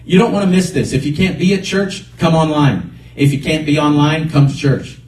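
A man pastor preaching a sermon in a church, animated, often calling out praise. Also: a little high, moderate pace, echoey room, distant mic, low-quality recording. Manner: animated, repeats exhortations.

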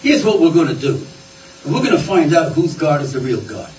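A man's voice: a little high, very animated, fairly quick, a little mellow, a little hiss or hum. Man doing a bold folksy old prophet, challenging, roomy echo, far off. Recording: roomy, distant, faint ambience.

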